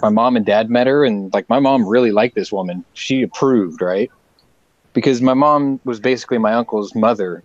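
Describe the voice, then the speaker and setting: A man's voice: mid-range voice, no echo. A man hosts a casual online lobby and tells stories full of swearing, switching into the voices of the people he quotes. His voice comes through dry and close, with a dull, lo-fi chat sound. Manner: storytelling, profane, animated quoting. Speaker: lobby host.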